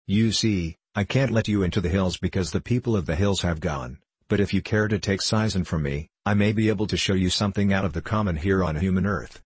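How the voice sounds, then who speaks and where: A man's voice: low-pitched, brisk, hardly any pauses, slightly rough, dry recording. A man voicing an ancient, mischievous male hill sprite in an audiobook, wry and knowing, sometimes scornful. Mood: coaxing. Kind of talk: audiobook character reading.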